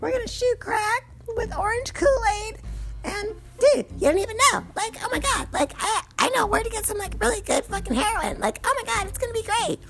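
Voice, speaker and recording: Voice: very high voice, animated, fairly quick, vocal fry, pitched above the performer's own voice, exaggerated voice. A speaker voicing Trina, a giddy young woman gushing about getting drugs, in a squealing, breathless way.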